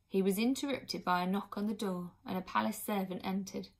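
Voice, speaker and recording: Woman storybook narrator, clear, expressive reading. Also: medium pitch, brisk, hardly any pauses. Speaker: audiobook reader.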